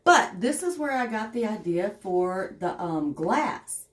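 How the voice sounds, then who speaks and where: A woman's voice: medium pitch, sing-song, takes it slowly, slight background noise. A woman with a Southern accent chatting casually on a craft livestream, greeting viewers by name as she works. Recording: echoey room.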